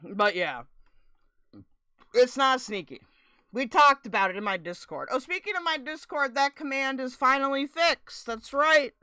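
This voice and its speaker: A woman streamer rambles through casual live chat, sarcastic and quick to swear. Her voice sits fairly high, bright and smooth, and it is recorded dry and close. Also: lively intonation, no echo.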